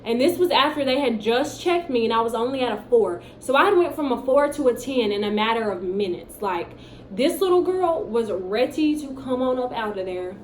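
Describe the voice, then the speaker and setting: A young woman telling her own story in a casual, animated way, acting out what people said. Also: a little high, normal speed. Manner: animated, chatty storytelling with acted-out quotes. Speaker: vlogger. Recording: echoey room with faint background hum.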